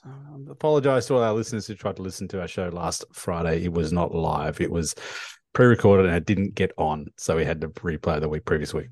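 A man's voice: sits low, fairly quick, a little mellow, slightly rough, no echo, clean studio sound. A man co-hosting a radio show over a video call, with a scratchy sore throat, rambling and laughing at himself. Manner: rambling, self-deprecating, laughs often. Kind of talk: casual chat.

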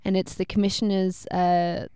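A woman's voice: mid-range voice, level tone, normal speed, warm tone, smooth, dry recording, studio quality. A woman co-hosting a casual pop-culture chat, enthusiastic and talkative, with lots of fillers. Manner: enthusiastic, chatty, many fillers. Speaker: podcast co-host.

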